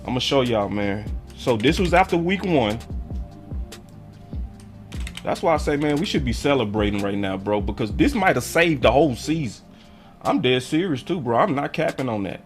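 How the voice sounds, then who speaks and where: A man's voice: mid-range voice, expressive, moderate pace. Male stream host, ranting sports take, faint music underneath. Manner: heated, ranting, slangy; reads articles aloud on stream. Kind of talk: live stream commentary.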